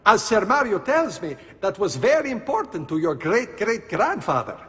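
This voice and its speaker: An actor voicing a brisk, businesslike architect in a video game, talking in a wry, salesman-like way. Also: high voice, sing-song, sharp tone, exaggerated voice. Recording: reverberant game audio.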